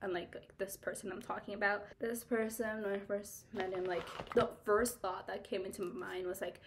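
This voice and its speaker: A woman's voice: mid-range voice, normal speed, slight background noise. A young woman from Kansas, a beauty vlogger who chats bluntly while doing her makeup and fills her talk with "like" and laughs. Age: young adult. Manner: blunt, chatty, filler-heavy, laughs often.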